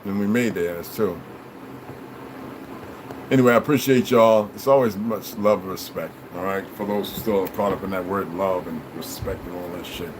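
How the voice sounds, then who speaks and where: A man's voice: deep voice, steady tone, normal speed, noisy background. A man hosting a livestream, talking to his viewers in a blunt, profane, preachy way. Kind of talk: rambling casual livestream chat.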